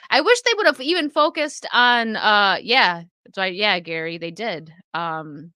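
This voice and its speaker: A woman's voice: medium pitch, animated, measured pace, pushed and bright, smooth, dry recording. A young adult woman casually chatting on a live stream, reading and answering viewer comments with lots of fillers.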